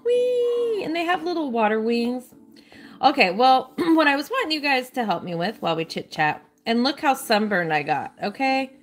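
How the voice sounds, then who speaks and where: A woman's voice: mid-range voice, fairly bright tone. A woman live streaming a kids' game, chatting casually, gushing over cute details and reading out viewers' names. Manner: apologetic, reads out chat names.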